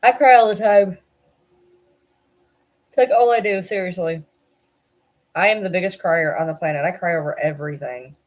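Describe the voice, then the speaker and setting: A woman's voice: medium pitch, fairly even intonation, moderate pace, long pauses. A woman, chatting casually on a live stream, rambling and swearing with frequent laughs. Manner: rambling, swears, laughs often, self-deprecating.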